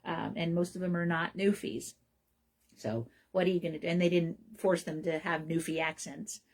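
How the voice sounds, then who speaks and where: A woman's voice: on the low side, moderate pace, breathy edge. A middle-aged woman hosting a radio show alone, talking casually and rambling with many ums and restarts. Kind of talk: casual solo talk.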